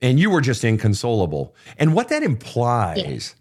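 A man's voice: mid-range voice, huge pitch swings, moderate pace. A man working as a counselor, blunt and probing, swearing freely and pressing the same questions again and again. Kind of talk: counseling session.

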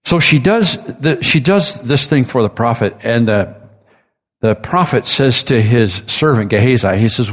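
A man preaching a sermon at middle pitch. He tells the story in plain, conversational words, breaks off for asides, and voices the people in it. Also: lively intonation, unhurried. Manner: storytelling with chuckles and asides, acting out quotes.

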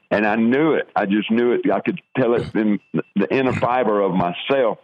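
An older man from the American South telling his personal testimony in a halting, earnest way, with many restarts. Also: lowish voice, no echo, highs cut off.

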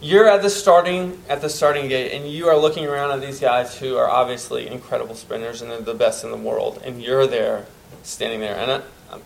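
A man preaching a sermon, earnest and emphatic, dropping to soft tones at tender moments. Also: mid-range voice, level tone, brisk, gravelly, hardly any pauses, a little hiss or hum, low-quality recording.

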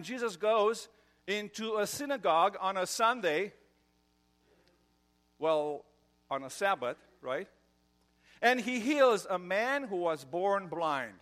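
A man's voice: high-pitched, a bit bright. Man preaching a conversational sermon. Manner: conversational, with fillers and joke telling. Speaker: pastor.

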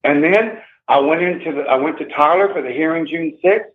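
Over a tinny, echoing phone line, a man in his sixties gives an interview, recounting his own story emotionally. His slightly high voice moves fairly quickly, and he's emphatic and agitated, repeating himself.

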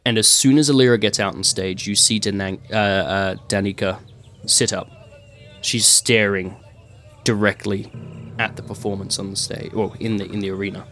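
A man narrating a tabletop game as game master, animated and hesitant. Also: lowish voice.

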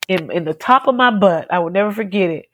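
A woman tells her personal testimony in an earnest, emotional way, circling back and repeating phrases as the story pours out. Her voice sits in a middle pitch, neither high nor low. She speaks as an interview guest, plainly and from the heart. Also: animated, fast, fairly bright tone, a little hiss or hum.

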